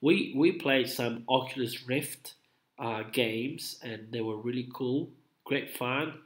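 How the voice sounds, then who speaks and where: A man's voice: mid-range voice, takes it slowly. A man hosting a casual live stream, rambling and hesitant with many fillers, coughing from a cold. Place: home room at night. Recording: roomy echo.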